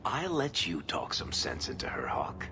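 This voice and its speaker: An actor playing a wry, teasing dwarf rogue in a game, with dry banter. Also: male voice, extremely low pitch, wildly swooping pitch, unhurried, in a whisper, heavily acted.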